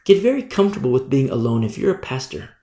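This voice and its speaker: A man's voice: mid-range voice, big pitch swings, fast talker, warm tone, reverberant. A male pastor preaching a sermon in an emphatic, repetitive way, often asking "you see?".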